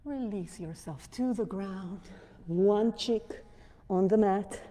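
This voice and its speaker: A woman yoga instructor with a non-native English accent, gently cueing poses and breathing as she leads a class on a mic in a yoga studio. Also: medium pitch, takes it slowly. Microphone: wearing a mic. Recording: long echo of a studio hall.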